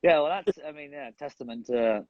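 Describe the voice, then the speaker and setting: A man's voice: medium pitch, brisk, no echo. A young man chatting casually and joking on a live video call. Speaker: actor and co-host of the live chat. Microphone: phone on a video call. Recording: dry, dull lo-fi phone audio.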